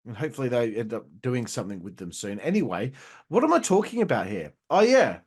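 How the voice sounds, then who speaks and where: A man's voice: mid-range voice, sing-song, quick pace, darkish tone, husky. A man hosting a casual wrestling review who rambles, swears a lot and laughs at his own jokes. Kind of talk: casual profane video review.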